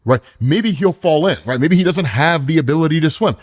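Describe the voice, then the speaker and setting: Animated man recapping a comic. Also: on the high side. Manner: animated, laughs often, quick asides. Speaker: comic book explainer. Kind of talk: casual comic recap narration.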